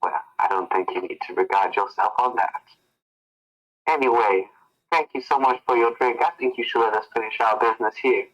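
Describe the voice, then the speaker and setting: A man voicing a polite, guarded woman in a tabletop game, speaking in a smooth, politely dismissive way. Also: mid-range voice, a little fast, a bit bright, natural voice, poor audio.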